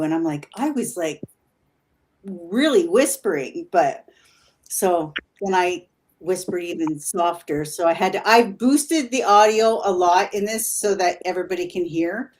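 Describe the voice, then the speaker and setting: A woman's voice: mid-range voice, measured pace, a little mellow. Woman, paranormal investigator, chatty, laughs a lot, restarts sentences, video call audio. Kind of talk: casual chat on a video call show.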